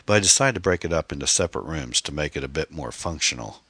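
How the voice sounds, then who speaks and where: A man's voice: rumbling low, animated, quick pace, fairly bright tone, slightly rough, no echo, heavily acted. A man doing a charming, secretive host. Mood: smooth. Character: charming, secretive man showing off his house.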